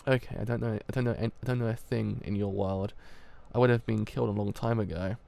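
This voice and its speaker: A man reading aloud as a gentle, earnest young man, speaking softly and pleadingly. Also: fairly low pitch, fairly even intonation, fast talker, creaky.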